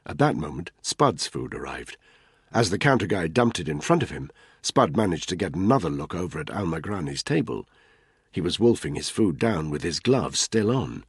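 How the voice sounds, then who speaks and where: Deep, husky male audiobook narrator. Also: no room sound, clean studio sound. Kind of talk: scripted thriller narration.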